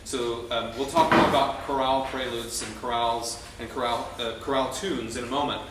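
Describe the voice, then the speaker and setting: Male choral conductor teaching a rehearsal, mid-pitched and measured, faint background noise. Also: fairly even intonation, fairly bright tone. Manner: explanatory, with frequent ums and restarts. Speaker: choir conductor. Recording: very echoey room, distant mic, faint noise.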